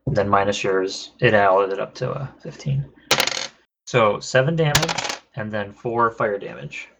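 A man's voice: lowish voice, a little slow, vocal fry, lo-fi sound, heavy background noise. A man acting as game master in a tabletop game, calling rolls and enemy moves in a matter-of-fact way. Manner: matter-of-fact rules calls.

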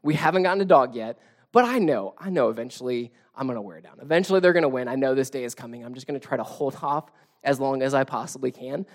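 A man's voice: medium pitch, expressive, quick pace. Casual storytelling male pastor. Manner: casual storytelling, self-deprecating humor. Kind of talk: conversational sermon.

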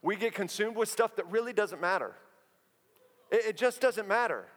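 A man in his thirties preaching a sermon as pastor, telling stories in a humorous, conversational way with quick asides. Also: high-pitched, expressive, a bit bright. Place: church auditorium. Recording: long reverb of a large hall.

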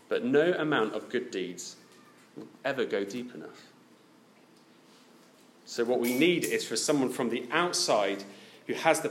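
Lively male preacher with an animated voice. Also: lowish voice, slight background noise. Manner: lively, asks the listeners many direct questions. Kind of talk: sermon.

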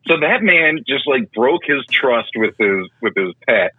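Brief: a crude, laid-back male co-host, husky and lively over a dry, phone-like line. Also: medium pitch, a little slow, no echo. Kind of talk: casual comedic chat.

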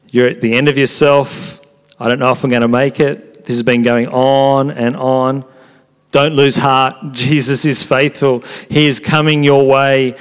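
A pastor preaching a sermon in a casual, conversational way, telling stories with lively energy. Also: male voice, mid-range voice, smooth. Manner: animated storytelling, conversational preaching. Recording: long hall reverb.

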